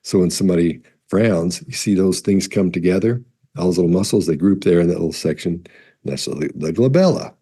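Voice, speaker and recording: A man with a low, breathy voice speaks fairly quickly as a body language expert answering viewer questions, heard through a compressed studio mic. His explanations ramble casually, he often corrects himself mid-sentence, and he demonstrates both loud and soft speech.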